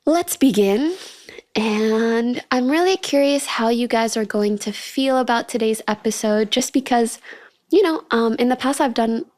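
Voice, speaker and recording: A woman's voice: fairly high pitch, measured pace, darkish tone, no room sound. A young woman in her twenties hosting a solo podcast, talking candidly and ranting a little, with frequent laughs. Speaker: podcast host.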